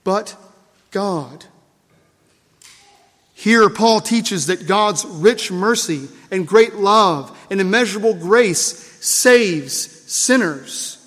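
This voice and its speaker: Slow, high-voiced preacher in a reverberant church. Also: male voice, animated, fairly bright tone. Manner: emphatic, measured preaching with repeated phrases and dropping cadences. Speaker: pastor. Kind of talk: sermon. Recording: long reverb of a church hall.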